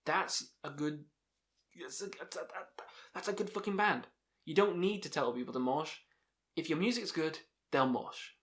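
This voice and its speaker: A man's voice: fairly high pitch, moderate pace, fairly bright tone. A young man telling rambling, sweary stories about festivals and laughing at himself. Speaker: channel host telling stories. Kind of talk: casual storytelling monologue.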